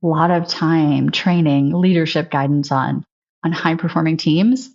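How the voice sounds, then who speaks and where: Low, gravelly woman telling stories. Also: unhurried, darkish tone. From United States. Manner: earnest, reflective storytelling with frequent "right?" and "like". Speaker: guest, sales leader. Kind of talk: casual interview talk. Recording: slightly dull, lo-fi sound.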